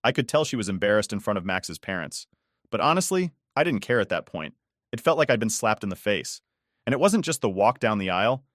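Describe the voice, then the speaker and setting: Male narrator, lowish voice, conversational and exasperated, scripted story read. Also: a bit bright, no echo, clean studio sound.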